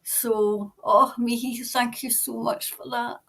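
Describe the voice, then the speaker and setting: A woman's voice: on the high side, level tone, slow pace, vocal fry, fairly bright tone. A Scottish woman hosting a tarot reading video, emotional and stopping often to compose herself. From Scotland. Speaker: tarot reader host.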